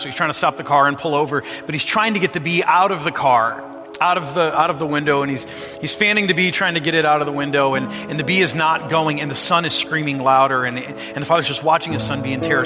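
A middle-aged male pastor preaching a sermon, swinging from loud, emphatic lines to hushed storytelling and stretching out the scripture lines slowly. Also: fairly high pitch, fairly even intonation. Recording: long hall reverb with music behind.

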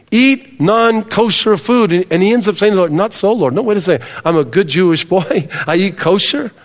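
Man preaching in a reverberant hall. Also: fairly high pitch. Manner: conversational preaching, addresses congregation directly. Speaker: pastor. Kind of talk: sermon. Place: church hall with congregation.

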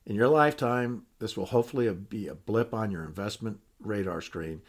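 A man's voice: on the low side, normal speed. An older, retired man hosting a podcast in a folksy, candid, self-deprecating way, with frequent restarts. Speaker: podcast host. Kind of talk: casual podcast monologue.

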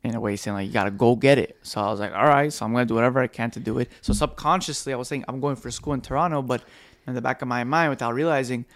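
Fast-talking young man telling stories. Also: medium pitch, no room sound. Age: young adult. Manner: animated storyteller who acts out quoted voices. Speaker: podcast co-host. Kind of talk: casual chat.

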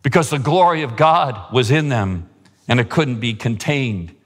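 A man's voice: animated, measured pace, slightly rough. Impassioned male preacher in echoey hall. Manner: impassioned preaching, rising pitch at climaxes. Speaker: pastor. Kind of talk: sermon. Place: church sanctuary. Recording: long hall reverb.

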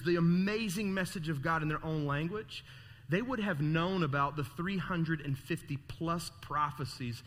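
A male pastor preaching a sermon to his church, talking to the congregation in an animated, conversational way and asking plenty of rhetorical questions. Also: on the high side. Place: church sanctuary. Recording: echoey hall reverb.

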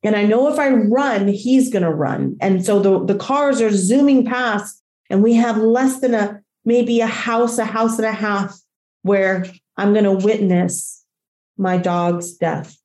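A woman's voice: mid-range voice, unhurried. Dramatic storytelling woman, echoey room. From Latina. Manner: profane, dramatic retelling with shouted quotes. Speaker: podcast host.

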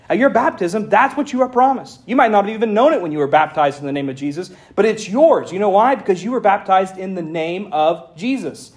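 A man preaching a sermon as pastor, reading scripture aloud in an animated way with folksy asides. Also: high-pitched.

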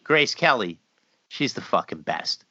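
A man chatting casually as a co-host, with a bright, forward tone. He swears often and rambles, trailing off and starting his sentences again. The recording sounds slightly dull and lo-fi, and the room is dry. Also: fairly low pitch, sing-song, measured pace, dry recording. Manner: profane, rambling, trails off and restarts. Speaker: podcast co-host. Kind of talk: casual chat.

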